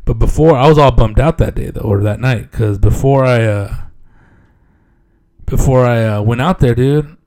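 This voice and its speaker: Gravelly, laid-back male storyteller. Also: medium pitch, moderate pace, darkish tone. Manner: laid-back and profane, peppered with "dude"; acts out other people's lines in raised voices. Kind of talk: casual storytelling.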